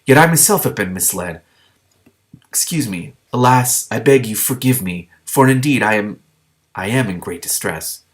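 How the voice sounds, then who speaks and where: A weepy, melodramatic young princess, as a man reading aloud puts her on. She laments in stately, old-fashioned phrasing, close to his own low voice. Her grief is theatrical and never-ending. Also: lively intonation, normal speed, lightly acted. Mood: tragic. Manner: archaic, tragic phrasing.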